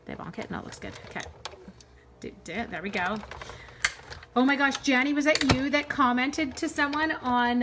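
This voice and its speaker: A woman's voice: a little high, fairly bright tone, slight background noise. A middle-aged woman from Canada hosting a live card-making tutorial, chatty and upbeat, greeting viewers by name as she works.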